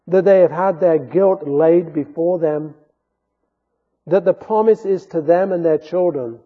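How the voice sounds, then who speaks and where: A man's voice: fairly high pitch, phone-quality sound. A man preaching a sermon in an earnest, emphatic way, his voice rising sharply when he rebukes.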